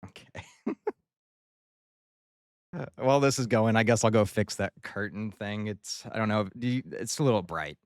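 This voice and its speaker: Smooth-voiced joking male streamer. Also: fairly low pitch, moderate pace, pauses often, dry recording, studio quality. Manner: joking, rambling, laughs at himself. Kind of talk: casual livestream chat.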